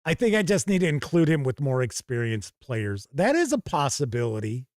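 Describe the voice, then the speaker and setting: A man's voice: medium pitch, big pitch swings, normal speed. A man hosts a live stream in a loose, conversational way. He reads viewer comments aloud and answers them on the spot. His voice sits in a middle register and sounds close and dry, with no room echo. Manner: chatty, reads out chat comments and responds off the cuff. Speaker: host reading viewer chat. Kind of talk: casual livestream chat.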